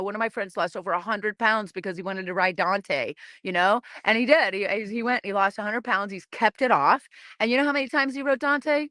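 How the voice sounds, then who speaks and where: A middle-aged woman talks through a personal story in a loose, chatty way, stumbling over restarts and fillers and slipping into little voices when she quotes people. Her pitch sits in the middle of the range. The sound is dry and close, with no room echo. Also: a bit bright. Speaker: podcast host and horse programs founder. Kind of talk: casual storytelling monologue.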